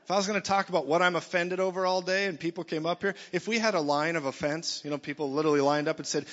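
A man preaching a sermon in a church, blunt and jokey, swinging from loud to soft. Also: high voice, fast talker, hardly any pauses. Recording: dull sound in a reverberant hall.

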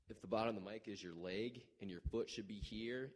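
A man with a fairly low voice tells a story in a loose, casual way. He laughs often and jumps into the voices of the people in it. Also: brisk. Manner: animated, laughing, acts out quoted voices. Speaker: mission trip storyteller.

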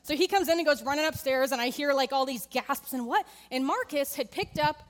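In a church sanctuary, a woman in her thirties gives a conversational sermon, sharing a candid family story and speaking directly to the congregation. Her voice sits high and moves a little fast, with the sound of a big room around it.

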